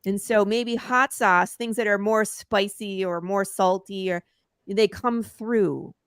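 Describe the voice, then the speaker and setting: A woman's voice: medium pitch, takes it slowly, clear, resonant tone, dry recording. A woman, a comic creator, chatting as an interview guest and telling stories with laughs and acted-out quotes. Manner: lively storyteller who laughs often and acts out quotes. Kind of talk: casual interview chat.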